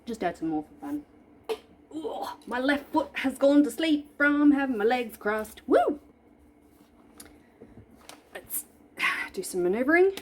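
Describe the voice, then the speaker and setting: Lively, chatty woman doing a makeup tutorial. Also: sits high, measured pace, a little hiss or hum. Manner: animated, playful and self-deprecating. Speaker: makeup vlogger. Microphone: camera in front of her.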